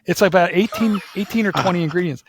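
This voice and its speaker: A man from Philadelphia chatting casually in an interview, telling a lively story full of repeated "like"s and restarts. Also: sits high, fast talker, a little hiss or hum. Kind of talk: casual conversation.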